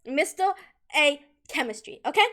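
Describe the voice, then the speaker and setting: A young woman streamer telling a rambling, animated story in casual chat, full of restarts and giggles. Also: high-pitched, moderate pace.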